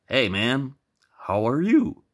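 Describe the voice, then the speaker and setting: A man plays a calm, polite stranger who asks gentle questions in an easy, slow voice. The pitch moves freely.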